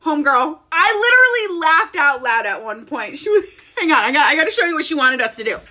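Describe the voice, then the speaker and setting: A woman vlogging from her home office, telling an animated, laughing story in a chatty, casual way. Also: sits high, brisk. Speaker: network-marketing business leader and vlogger.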